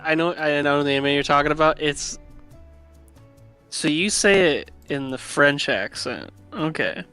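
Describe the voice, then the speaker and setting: Bright-voiced laughing man chatting. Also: on the high side, unhurried, clean tone, soft background music. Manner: laid-back, laughing, repeats himself. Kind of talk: casual chat.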